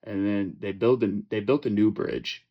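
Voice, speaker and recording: A man's voice: on the low side, steady tone, normal speed. Profane rambling young man, lo-fi sound. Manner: profane, joking, rambling with many fillers and restarts. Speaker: fantasy football podcast host. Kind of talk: casual ranting chat.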